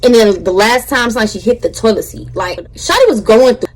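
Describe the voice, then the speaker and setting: A young woman telling a storytime on her vlog in casual slang, animated and chatty with her viewers. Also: a little high, fairly quick. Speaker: vlogger.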